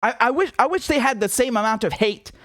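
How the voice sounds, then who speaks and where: Male host, high-pitched, furious profane rant, dry close mic. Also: expressive, fast, a bit bright, no echo. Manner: angry, ranting, profane, repetitive. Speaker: political commentator host. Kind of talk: impassioned monologue.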